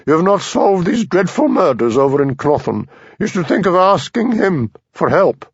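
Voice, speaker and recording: A man's voice: high voice, sing-song, normal speed, slightly rough, dry recording, voice pushed up, exaggerated voice. A man voicing a large, tweedy minister's wife who talks in a bossy, hectoring way. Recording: dull dry lo-fi audio.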